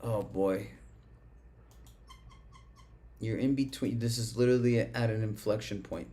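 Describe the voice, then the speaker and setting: A man's voice: fairly low pitch, moderate pace, dark tone. Profane, rambling livestream trader man. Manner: chants rap lyrics between loose profane trading talk. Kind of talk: live market commentary.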